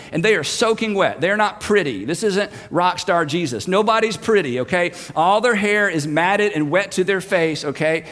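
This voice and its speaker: A male pastor with a high-pitched voice delivers a sermon as animated storytelling. He swings from loud, emphatic moments to quiet, intimate asides, and a long reverb from a large hall trails every phrase. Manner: lively storytelling, shifting between loud and hushed.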